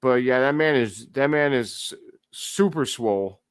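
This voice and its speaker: Excitable man calling a game. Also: medium pitch, a little slow, clear, resonant tone, no echo, studio quality. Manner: excitable fan, talks to chat. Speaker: live stream host. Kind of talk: casual play-by-play commentary.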